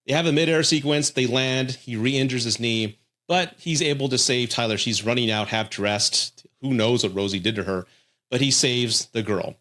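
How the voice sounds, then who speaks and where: A man's voice: medium pitch, normal speed, fairly bright tone. A middle-aged man hosting a casual film review, talking enthusiastically and swearing freely.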